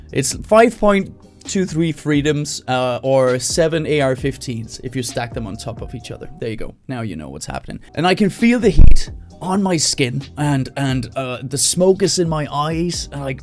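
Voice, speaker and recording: A man from Denmark telling a stand-up story live, animated, jumping into loud high yelling voices for the people he quotes. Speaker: stand-up comedian. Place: indoors, livestream.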